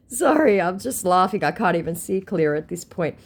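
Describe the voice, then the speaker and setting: Expressive, sarcastic woman with a low voice. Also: normal speed, hardly any pauses, slightly rough. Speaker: channel host. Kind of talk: retelling a chat with a scammer.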